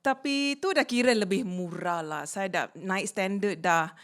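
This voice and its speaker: A woman's voice: medium pitch, normal speed. A woman from Malaysia doing playful, teasing, mock-boastful stand-up comedy on a small theater stage.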